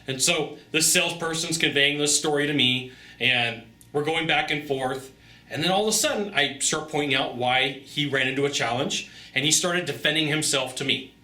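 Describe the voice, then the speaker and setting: A man with a bright, slightly raised voice coaches salespeople in an easygoing, chatty way, repeating his points for emphasis. The sound carries a roomy echo. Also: a little high, normal speed. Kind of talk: casual direct-to-camera sales tips. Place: Sacramento, California.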